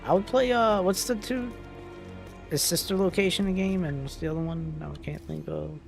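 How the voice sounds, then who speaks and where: A man's voice: high voice, moderate pace, creaky, soft background music. A man co-hosting a gaming stream, offhand and thinking aloud while he plays. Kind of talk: casual gameplay chat.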